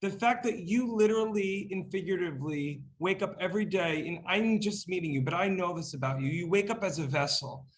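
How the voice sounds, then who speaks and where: Effusive high-voiced man on a video call. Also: fairly quick, hardly any pauses, slight background noise, low-quality recording. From New York City. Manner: effusive, warmly complimentary. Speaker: co-host and director.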